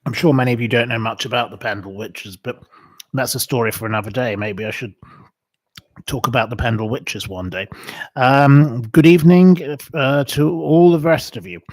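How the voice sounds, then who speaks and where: A man's voice: mid-range voice, moderate pace, no room sound. Rambling, chatty English man on a dry mic. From England. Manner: chatty, digressive, many ums and restarts. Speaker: livestream host. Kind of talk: rambling casual livestream chat.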